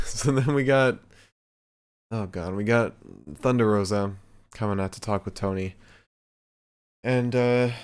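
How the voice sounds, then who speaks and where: Lower-voiced man giving a blunt recap. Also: smooth. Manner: blunt and profane, quick to mock. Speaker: podcast host. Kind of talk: casual wrestling recap chat.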